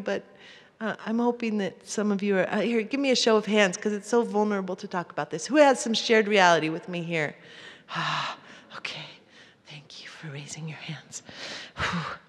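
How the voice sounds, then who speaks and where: Breathy woman speaker in a hall. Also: on the high side. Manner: gentle, often drops to a soft near-whisper. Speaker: workshop speaker. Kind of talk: live talk to an audience. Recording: hall reverb.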